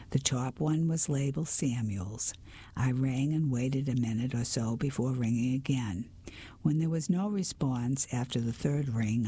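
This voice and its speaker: Whispered role-play narrator, husky, mellow, hushed, steady. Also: medium pitch.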